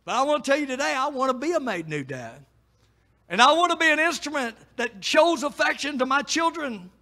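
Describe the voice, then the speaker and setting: A middle-aged pastor preaching a sermon, moving between quiet pleading and loud, emphatic preaching. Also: male voice, very high-pitched, sing-song, brisk.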